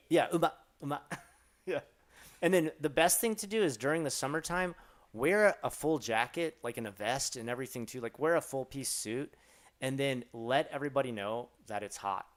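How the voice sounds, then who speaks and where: A man casually chatting on a live stream, answering chat and joking around, often mimicking short phrases with exaggerated jumps in pitch. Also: animated, moderate pace.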